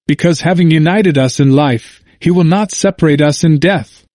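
A man voicing a steadfast young Christian wife who faces death, speaking firmly and gently. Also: on the high side, normal speed, dry recording, clean studio sound, voice pushed up, close to an everyday voice. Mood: firm, gentle. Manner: firm and gentle.

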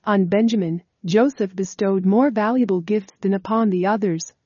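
A woman narrating a Bible story in a measured, formal storytelling manner, on a dull, slightly lo-fi recording. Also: mid-range voice, a little mellow, breathy edge, no room sound.

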